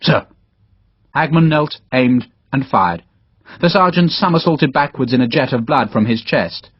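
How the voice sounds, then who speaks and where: A man's voice: mid-range voice, expressive, normal speed, slightly rough, no room sound. A man narrating an audiobook dramatically in a dull, dry lo-fi recording. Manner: dramatic storytelling, voices all characters. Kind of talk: scripted narration.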